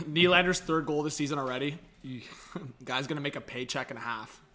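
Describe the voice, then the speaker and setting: A man doing excitable live reaction commentary on a hockey game as a stream host, talking straight to his chat. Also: a little high, moderate pace. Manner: excitable, hyped, addresses the chat directly.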